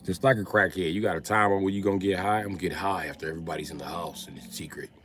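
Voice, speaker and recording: A man streaming live, riffing through a profane comic rant in an animated, swearing manner. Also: low-pitched, rapid-fire, slight background noise. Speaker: comedian streamer.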